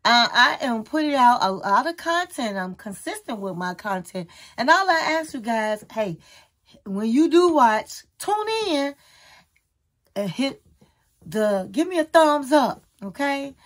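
Woman channel host, casual to-camera chat, pitched a bit high, lively gossipy storyteller. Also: unhurried. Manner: chatty, animated storytelling with sudden pitch jumps.

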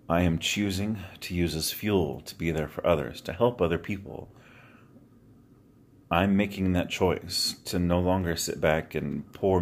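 A man speaking straight to his viewers in an earnest, heartfelt vlog monologue, often pausing with sighs and repeating words as he searches for them. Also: low-pitched, a little hiss or hum. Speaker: motivational video creator.

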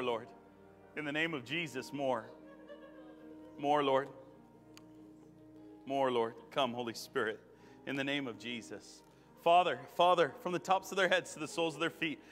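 A man in his thirties preaching a charismatic sermon and praying over people, fervent, repeating phrases and rising to shouts. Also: fairly high pitch. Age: 30s. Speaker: guest preacher. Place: church sanctuary. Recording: long church hall reverb with music.

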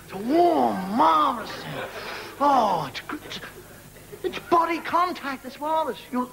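A man's voice: very high-pitched, big pitch swings, measured pace, vocal fry, low-quality recording. Irish man doing stand-up before a laughing crowd. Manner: conversational, acts out gestures and sounds. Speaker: stand-up comedian. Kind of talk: stand-up comedy monologue. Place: television studio with live audience. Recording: 1980s TV broadcast with audience laughter. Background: audience laughter.

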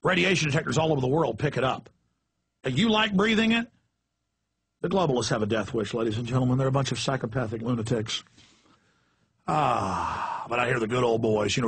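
Heated ranting Texan man, husky. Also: mid-range voice, animated, brisk, long pauses, a bit bright, no room sound. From Texas. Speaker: radio host. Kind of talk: talk radio rant.

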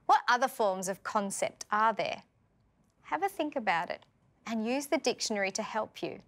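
A woman's voice: fairly high pitch, fairly bright tone. Patient Australian woman teaching vocabulary. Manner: clear, patient, asks learners questions. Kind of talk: scripted vocabulary lesson.

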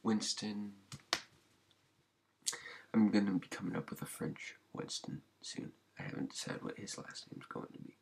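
A man with a very low, gravelly voice talks in a halting, rambling way, full of fillers and restarts. His tone is husky and rough rather than clear, and he often slips into a whisper. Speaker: ASMR channel host. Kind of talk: soft-spoken ASMR channel update.

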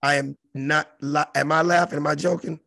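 A middle-aged man from South Central Los Angeles spins a profane stage story with a high, gravelly voice. He leans hard on every word and acts out the crowd around him. The sound is dry and close. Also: flat delivery, normal speed, pushed and bright, no room sound. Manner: profane, emphatic, mimics crowd noises. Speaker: interview guest, comedian. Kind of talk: animated storytelling.

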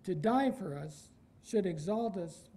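Male pastor from Iowa, relaxed warm sermon delivery, quizzes the pews. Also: sits high, measured pace, rough recording. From Iowa, United States. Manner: emphatic, asks the congregation rhetorical questions.

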